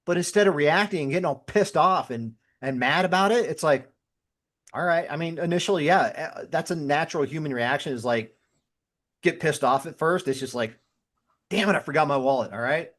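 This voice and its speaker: A man's voice: a little high, normal speed, fairly bright tone. A man talking as a podcast guest who was a firefighter. He tells everyday stories and acts out his own inner voice in quotes. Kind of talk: casual conversational podcast talk.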